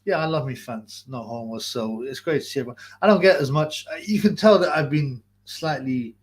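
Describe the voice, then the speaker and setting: Husky man ranting on a livestream. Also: mid-range voice, expressive. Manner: profane, rambling, quick to laugh. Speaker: livestream host. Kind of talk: casual livestream chat.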